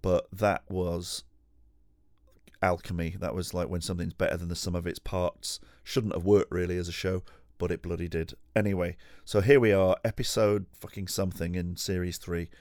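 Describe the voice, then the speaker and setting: A man's voice: low voice, little pitch movement, moderate pace, a little mellow, no echo, studio quality. A man hosting a podcast alone, telling a rambling, sweary, self-deprecating anecdote full of restarts and asides. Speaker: podcast host. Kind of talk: casual storytelling monologue. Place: at home.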